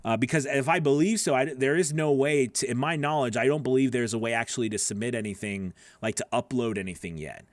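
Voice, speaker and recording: A man's voice: medium pitch, a little fast, few pauses, no echo. Chatty man coaching on a live stream, dry sound. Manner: rambling, answers viewer comments, many restarts. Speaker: voice-over coach hosting a live Q&A.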